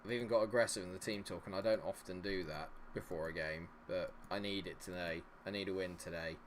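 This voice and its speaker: A man's voice: low-pitched, fairly even intonation, fairly quick, slight background noise. A man streaming his own game, commentating live, exasperated, swearing and talking at the players on screen.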